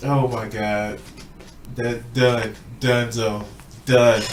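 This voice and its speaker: A man hosting a loose podcast chat, retelling a story with plenty of cursing. His pitch moves in lively swings and he slips into acted-out quotes. The room is echoey. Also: a little hiss or hum. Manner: animated, swearing, acts out quotes. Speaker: podcast host. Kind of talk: casual chat retelling a film plot.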